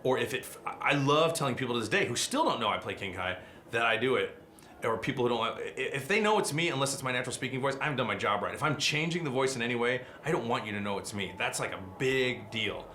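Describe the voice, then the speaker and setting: A middle-aged man, a voice actor, telling animated stories in a casual interview. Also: medium pitch, slight background noise. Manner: fast, animated anecdotes with quick asides.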